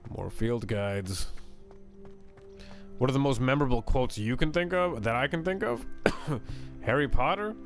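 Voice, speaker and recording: A man streaming a video game, talking in a casual, excitable, chatty way and reading his chat aloud. His voice sits a little on the low side. Game music plays clearly behind him. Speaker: gaming streamer. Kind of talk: casual let's-play commentary.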